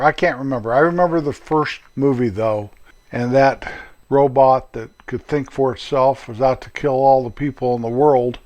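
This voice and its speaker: An older man, a grandfather, hosting his own podcast in a folksy, rambling, chatty monologue. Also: medium pitch. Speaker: podcast host. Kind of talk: casual solo podcast monologue.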